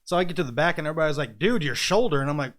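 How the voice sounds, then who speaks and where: Here a podcast guest who works as an independent wrestler spins a story with rapid-fire, expressive delivery. His pitch sits fairly high and his tone is fairly bright, and he keeps laughing while voicing characters and making sound effects in the relaxed chat.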